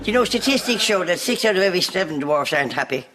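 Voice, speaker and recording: An Irish man telling quick-fire jokes to an audience, cheeky and laughing at his own punchlines. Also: sits high, lively intonation, loud music behind the voice. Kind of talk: stand-up joke telling. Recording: noisy audience recording with laughter.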